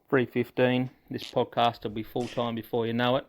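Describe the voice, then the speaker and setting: A man in a voice message, ribbing a podcast's hosts. His delivery is flat and monotone, and his voice sits at a middle pitch. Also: unhurried. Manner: jokey ribbing. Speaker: listener sending a voice message. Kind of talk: recorded voice message.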